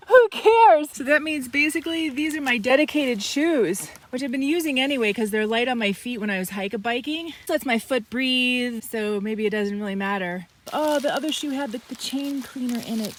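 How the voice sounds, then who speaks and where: A woman's voice: a little high, rough recording. Chatty, worn-out woman on a roadside. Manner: chatty, swings between tired grumbling and excited squeals. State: worn out from a long bike ride. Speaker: vlogger. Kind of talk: casual travel vlog narration. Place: outdoors on a roadside. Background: passing traffic and outdoor ambience.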